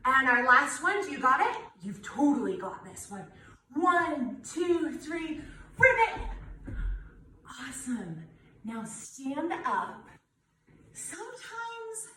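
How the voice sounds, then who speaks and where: Leading a children's yoga class, a young teacher sounds bright, forceful and high-pitched as she cheers the kids on in a sing-song way. She is distant in an echoey space, with a little hiss or hum in the recording.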